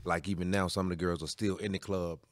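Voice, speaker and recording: A man co-hosting a podcast, chatting casually and quickly, often restarting his sentences. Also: deep voice, steady tone, no room sound. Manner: quick, backchannels a lot, restarts. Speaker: podcast co-host, DJ. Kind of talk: casual chat.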